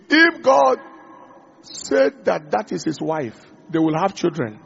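A male preacher delivers a lively sermon, acting out little exchanges between people and checking in with his listeners. His voice sits high and carries a husky, gravelly grain. The recording is dull and lo-fi. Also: slow pace. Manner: animated, acts out little dialogues, asks the audience questions.

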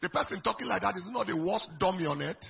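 A man preaching a sermon in an emphatic way, swinging between soft lines and shouted ones. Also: high voice, lively intonation, fast talker. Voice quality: raspy, gravelly. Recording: dull lo-fi recording.

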